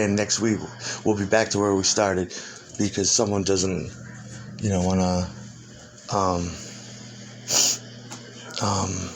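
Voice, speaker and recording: A man's voice: fairly low pitch, slight background noise. Profane, laughing man rambling in character. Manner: profane, laughs often, restarts and trails off. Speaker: self-described ancient demon persona. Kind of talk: rambling improvised monologue.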